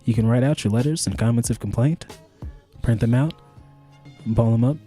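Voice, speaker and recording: A man's voice: medium pitch, normal speed, soft background music. A man co-hosting a podcast in casual chat, joking and swearing freely. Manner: joking, profane, animated. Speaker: podcast co-host.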